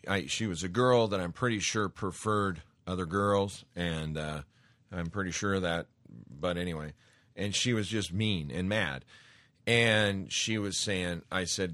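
A man's voice: sits low, a bit bright, no echo. A man hosting a talk radio show, talking emphatically and often repeating himself as he tells a story. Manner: emphatic, repeats words and restarts.

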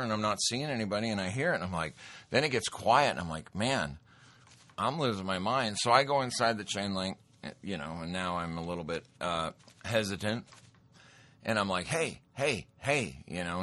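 A man telling a true story in a casual, animated way, acting out his own lines of dialogue. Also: on the low side, dry recording.

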